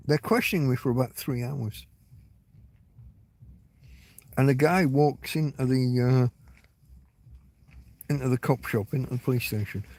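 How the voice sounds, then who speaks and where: A man's voice: medium pitch, darkish tone. A middle-aged man from England telling a personal story to camera in a rambling, emotional way, swearing often and restarting his sentences. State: tearing up. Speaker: vlogger. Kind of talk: casual storytelling monologue.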